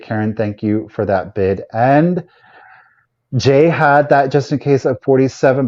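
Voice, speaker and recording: A man's voice: medium pitch, dark tone, lo-fi sound. A man hosting a live vintage sale, chatting enthusiastically as he shows items and runs the bidding. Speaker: live auction seller.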